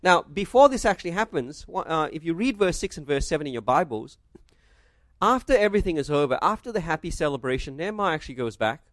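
Pastor, male, slightly high voice, dry close-miked sound, expository sermon with rhetorical asides. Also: big pitch swings, quick pace, fairly bright tone, dry recording. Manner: expository preaching, reads scripture aloud, asks the congregation rhetorical questions.

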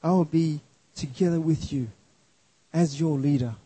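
A man preaching a sermon slowly and earnestly, often stumbling over and restarting his words. His voice sits somewhat high but sounds dark and husky. The sound is dry and close. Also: dry recording, rough recording. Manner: earnest, emphatic, with repeated restarts.

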